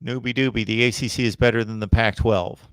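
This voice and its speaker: A man hosts a casual live sports chat, answering viewer comments one after another. He speaks at a middle pitch in an emphatic, opinionated way. The sound is dry and close, with almost no room echo. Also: fairly even intonation, fairly quick. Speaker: host of a college football livestream.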